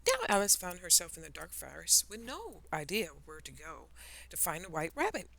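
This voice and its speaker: A woman narrating a children's story in an expressive storytelling style. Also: fairly low pitch, moderate pace, gravelly.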